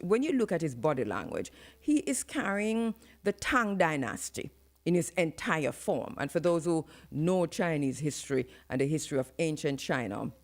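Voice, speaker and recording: Lady radio host, low voice, swoops all over, slips into patois. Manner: animated, switches into patois for emphasis. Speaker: radio talk show host. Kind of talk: live radio commentary. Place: radio studio.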